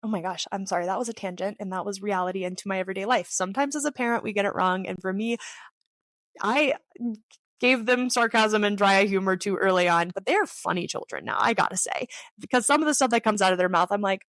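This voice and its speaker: A woman in her thirties chats openly and earnestly to her camera, now and then wandering off on a tangent and poking fun at herself. Her voice sits at an ordinary middle pitch, and the recording is close and dry, with no room sound around it. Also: fast, fairly bright tone, dry recording. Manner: earnest and openly personal, wanders into tangents with light self-deprecating humor. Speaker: athlete sharing reflections on her channel. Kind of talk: casual reflective talk to camera.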